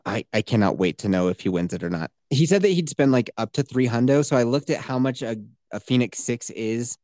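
A man in his thirties co-hosting a casual podcast, animated and swearing, putting on voices when he quotes things. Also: mid-range voice, a little fast, dry recording, clean studio sound. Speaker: podcast co-host. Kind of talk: casual chat.

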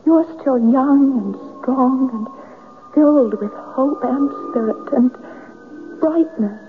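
Brief: yearning female ghost in a radio play, high and unhurried, heard over a thin lo-fi broadcast with music. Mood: mournful. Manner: soft, pleading, mournful. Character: ghost of a young woman, sorrowful and yearning. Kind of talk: 1970s radio drama acting.

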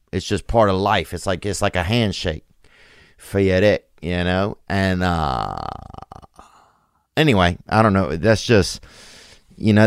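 Rambling low-voiced man. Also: dry recording, clean studio sound. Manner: meandering, halting, full of fillers and restarts. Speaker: podcast host. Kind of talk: rambling comic monologue.

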